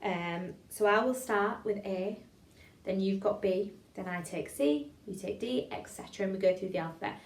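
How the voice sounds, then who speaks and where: At a moderate pace and medium pitch, a drama teacher guides an online improvisation class. Warm and talkative, she pokes fun at herself whenever she slips, heard through a far-off mic in a reverberant room.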